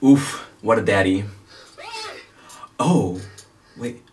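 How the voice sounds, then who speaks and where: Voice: medium pitch, very slow, darkish tone, slight background noise. A vlogger reacting to a romance series, exclaiming, squealing and swearing freely while watching. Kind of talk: excited reaction commentary. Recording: distant mic.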